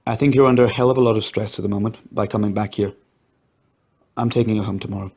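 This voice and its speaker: Male reader as a calm, unbending husband, lowish tone, quick and final. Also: husky. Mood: firm. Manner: firm, flat and decisive. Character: stern husband, firm and controlling.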